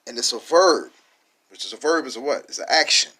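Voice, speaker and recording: A man teaching from scripture, speaking, who punches key words loudly and asks and answers his own questions. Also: medium pitch, expressive, brisk. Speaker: Bible teacher.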